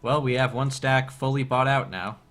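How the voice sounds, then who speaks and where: A man's voice: medium pitch, steady tone, moderate pace, a bit bright. A man co-casting a card game match in an easygoing, joking way. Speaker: co-commentator. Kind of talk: casual game commentary.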